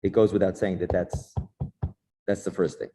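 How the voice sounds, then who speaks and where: A man's voice: deep voice, steady tone, normal speed, dark tone, a little hiss or hum. A middle-aged man with a New York accent giving an informal class as a rabbi, chatty and storytelling, with frequent restarts.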